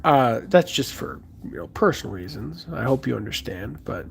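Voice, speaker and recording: A man's voice: medium pitch, very animated, normal speed, vocal fry. A young man from the United States chatting casually with viewers on a live stream, friendly and rambling, with many fillers and restarts.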